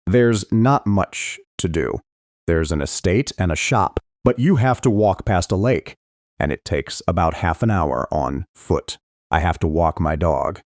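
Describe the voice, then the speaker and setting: A man's voice: low-pitched, expressive, unhurried, darkish tone, dry recording, clean studio sound. A man voicing a friendly, chatty local teenage boy who talks in a matter-of-fact way.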